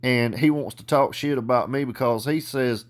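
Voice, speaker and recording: A man with a Southern US accent ranting in a vlog, boastful and profane, growing loud and worked up. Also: medium pitch, normal speed. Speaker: vlogger.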